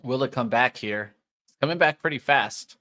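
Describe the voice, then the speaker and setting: A man's voice: mid-range voice, normal speed, sharp tone. A man co-hosting a live trading show, giving running play-by-play of price moves and his trades. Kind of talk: live market commentary.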